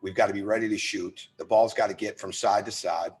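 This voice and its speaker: Over a video call, a man answers reporters' questions as head coach. His voice is lowish and steady, his pace fairly quick, and his manner earnest and emphatic. He's middle-aged and keeps restarting phrases, repeating words each time.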